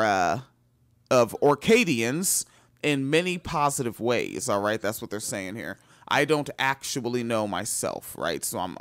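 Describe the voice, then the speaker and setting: A man hosting a podcast, reading a news article aloud in a halting way, full of fillers, and breaking off into loud, profane asides. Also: mid-range voice, no room sound. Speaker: podcast host.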